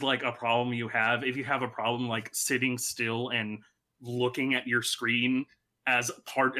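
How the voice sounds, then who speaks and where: Casting: male podcast co-host, bright tense voice, rambling and loose. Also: medium pitch. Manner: rambling with many fillers, laughs often. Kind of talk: casual chat.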